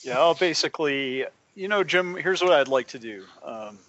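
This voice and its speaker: A man with a bright, forward voice plays a tabletop game. He is chatty and hesitant and talks through his character's moves. The recording sounds a little muffled. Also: a little high, lively intonation, normal speed. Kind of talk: casual game talk.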